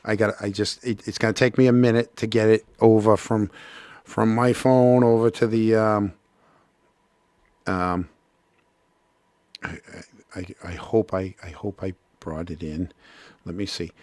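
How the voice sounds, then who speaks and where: A man hosting a casual livestream, talking in a halting way with many restarts. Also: fairly low pitch, fairly even intonation, darkish tone, no room sound. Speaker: host.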